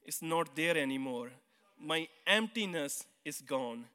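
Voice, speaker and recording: A man's voice: fairly high pitch, animated, unhurried, sharp tone. A man from India with an Indian English accent, giving a personal testimony in church on a handheld mic, speaking simple, earnest English with some hesitant restarts. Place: church hall. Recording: long reverb of a church hall.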